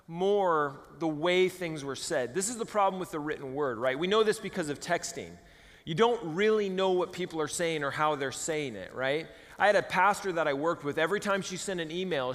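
Animated joking pastor in a reverberant hall. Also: male voice, high-pitched. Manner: animated, jokey, acts out voices. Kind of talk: conversational sermon with humor.

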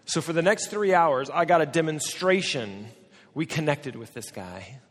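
American guy preaching, kinda high voice, joking around with the crowd, big hall echo on it. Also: expressive, normal speed, fairly bright tone. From United States. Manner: conversational, joking asides to the audience. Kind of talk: sermon with humorous storytelling. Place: large church or conference hall. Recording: long hall reverb.

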